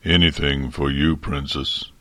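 A man voicing a huge, old, frank male dragon in a fiction reading, with a deep, thunderous voice. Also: fairly even intonation, unhurried, pushed and bright, exaggerated voice. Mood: rueful.

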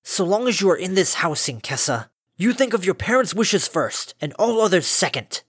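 A man's voice: medium pitch, expressive, moderate pace, no room sound, studio quality, natural voice. A man voicing a stern old male pony farmer in a storybook reading, speaking with a scratchy, lethargic drone and formal curtness. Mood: scolding. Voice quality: scratchy, droning.

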